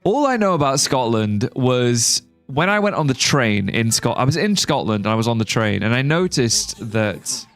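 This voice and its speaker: A man livestreaming a game in casual chat, excitable and laughing often, with quick exclamations. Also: mid-range voice, faint music behind. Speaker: live streamer.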